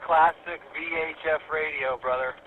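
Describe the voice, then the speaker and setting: A man calling in to a radio net from his car, brisk and friendly. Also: on the high side, steady tone. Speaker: mobile radio caller. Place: moving car. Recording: tinny mobile radio transmission with faint hiss.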